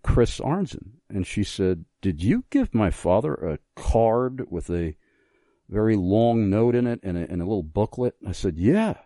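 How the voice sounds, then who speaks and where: A man's voice: lowish voice, mellow, dry recording. A middle-aged man hosting a radio talk show, telling a personal story in an earnest, thoughtful way with many small restarts. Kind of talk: casual radio conversation, storytelling.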